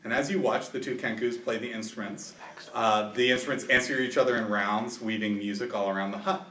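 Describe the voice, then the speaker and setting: A man's voice: on the low side, steady tone, brisk, recorded from a distance, slight background noise. A man narrating as game master of a tabletop game, telling the story and laughing between bits. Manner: storytelling, laughs between shouted guard voices. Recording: echoey room, voice from off-mic.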